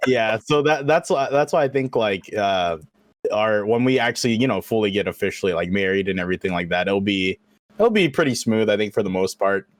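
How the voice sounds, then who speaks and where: A young man co-hosting a casual podcast in a fairly low voice, recorded dry and close. He talks in a relaxed, rambling way, full of fillers and easy laughs. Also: a little fast, no echo. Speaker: podcast co-host. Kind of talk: casual chat.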